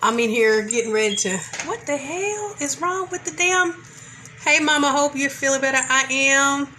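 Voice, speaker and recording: A woman with a high, bright voice chats unhurried with her live viewers while she gets her juicing ready in her kitchen. A little congestion sits in her voice, and she laughs easily and swears a bit, keeping it candid. Faint household sounds stay in the background. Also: lively intonation, a little hiss or hum. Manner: laughs often, loose and candid with mild profanity. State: mildly congested. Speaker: vlog host greeting live viewers. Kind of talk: casual live chat while cooking.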